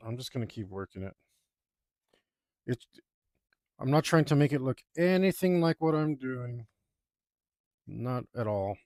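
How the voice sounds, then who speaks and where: A man's voice: mid-range voice, animated, unhurried, long pauses, a little mellow, no room sound, studio quality. A man, a digital artist, chatting casually while he draws, rambling with lots of fillers and repeats. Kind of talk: casual chat while drawing.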